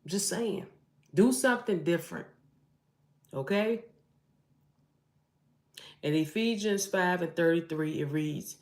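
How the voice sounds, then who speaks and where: A woman's voice: lowish voice, takes it slowly, pauses often, a little mellow. A woman, a mother and vlogger, giving emphatic motivational advice to her camera and repeating phrases for emphasis. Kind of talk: preachy motivational talk to camera. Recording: roomy echo.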